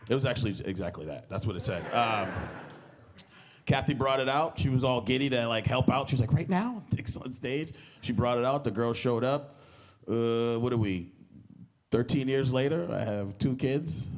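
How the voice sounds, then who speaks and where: A man's voice: mid-range voice, normal speed, a little mellow. A man, a comedian, speaking informally at a memorial service, rambling through stories, acting out quoted lines and laughing as he talks. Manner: rambling storyteller who acts out quoted lines and laughs as he goes. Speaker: comedian giving a eulogy. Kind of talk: informal anecdotal speech at a memorial.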